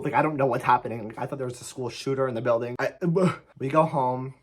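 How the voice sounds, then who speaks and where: Fast and husky with few pauses, a young American man vlogs a story straight to camera at medium pitch. He's emphatic and casual, cursing often and packing his speech with "like."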